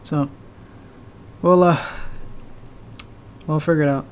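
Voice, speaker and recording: A man chatting casually on his live stream about his animation projects, with a sore, tired throat, talking haltingly with fillers and soft laughs. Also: on the high side, steady tone. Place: home room with a loud heater. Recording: faint heater hum behind.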